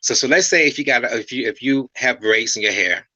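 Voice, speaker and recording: A man talks through hair care, circling back to his points and tossing in "right?" to keep the listener with him. His voice is bright and a little husky. The sound is dry and close. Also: mid-range voice, a little fast, no echo, rough recording. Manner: storytelling, repeats himself, checks in with "okay?" and "right?". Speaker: master stylist guest. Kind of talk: casual interview talk.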